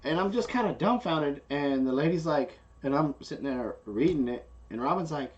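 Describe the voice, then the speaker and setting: A man's voice: fairly high pitch, moderate pace, highs cut off, a little hiss or hum. A man telling a story in casual chat, acting out the people he quotes. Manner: animated, acts out the people he quotes. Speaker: co-host.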